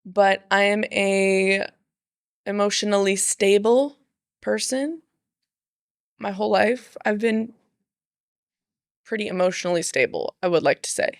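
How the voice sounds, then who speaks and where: A woman chatting casually as a podcast guest, playful and animated, acting out her own inner voice. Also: mid-range voice, a little slow, pauses often, no room sound, clean studio sound. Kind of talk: casual chat.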